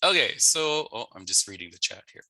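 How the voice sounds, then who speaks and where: Bright-voiced man teaching patiently. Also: mid-range voice, sing-song, no echo, rough recording. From Canada. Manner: patient, repeats phrases slowly for learners; friendly, jokey asides. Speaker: language teacher. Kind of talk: online language lesson.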